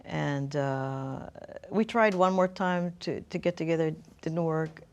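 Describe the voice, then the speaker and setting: Woman, middle-aged, somewhat low voice, reflective interview storytelling, pauses to find words. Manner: thoughtful, searching for words. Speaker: interview guest, author.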